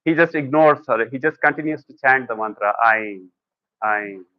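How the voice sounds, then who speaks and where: A man's voice: medium pitch, fast talker, no echo, muffled recording. A man giving a conversational spiritual lecture, often telling stories and quoting people. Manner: conversational, storytelling with acted quotes. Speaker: speaker at a talk.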